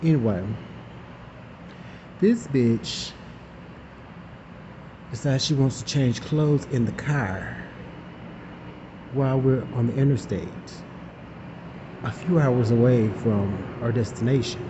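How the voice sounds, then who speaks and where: A man telling a story in a casual, animated way, laughing often and using campy slang. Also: mid-range voice, slow, pauses often. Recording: dull, lo-fi with faint hiss.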